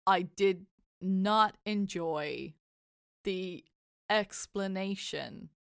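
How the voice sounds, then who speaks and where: A woman's voice: medium pitch, drawn-out words, gravelly, clear, resonant tone, no room sound, clean studio sound. A woman co-hosting a podcast, chatting about a film in a rambling, casual way. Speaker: podcast co-host. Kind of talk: casual movie review chat.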